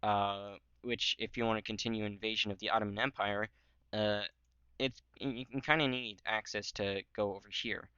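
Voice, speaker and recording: A man's voice: fairly low pitch, fairly even intonation, normal speed, bright, forceful tone, clean tone, dry recording. A young man talking casually over a map, rambling with many fillers and joking voices. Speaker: history video creator. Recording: dull lo-fi mic.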